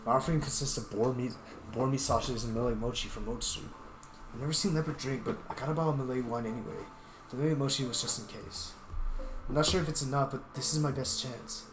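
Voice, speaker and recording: A man reads a story game aloud in an earnest, reflective voice of ordinary pitch, stumbling now and then. A roomy echo surrounds him, and game music plays behind. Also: fast. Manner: earnest, reflective reading with small restarts. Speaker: game streamer.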